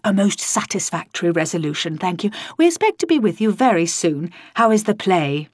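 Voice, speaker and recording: A woman voicing a stiff, formal male director who speaks in a clipped, measured way. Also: on the low side, big pitch swings, a little mellow, slightly rough, no room sound, studio quality.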